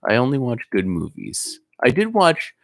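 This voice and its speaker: A man's voice: mid-range voice, moderate pace, vocal fry, no echo. A man co-hosting a podcast, chatting casually and recounting a movie with bouncy delivery. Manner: lively, bouncy storytelling with laughs. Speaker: podcast co-host. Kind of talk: casual chat.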